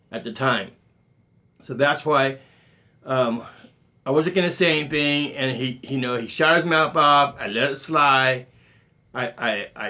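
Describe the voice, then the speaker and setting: In a pushed, bright voice of medium pitch, a middle-aged martial arts grandmaster tells stories in a monologue. He speaks emphatically, repeats himself, and performs the quotes he recounts.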